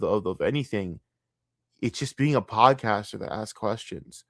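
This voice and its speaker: A man with a lowish voice tears into his subject, blunt and scornful, swearing freely. The sound is dry and close, with no room around it. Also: a bit bright, no room sound. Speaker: streamer reacting to a documentary. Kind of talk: profane reaction rant.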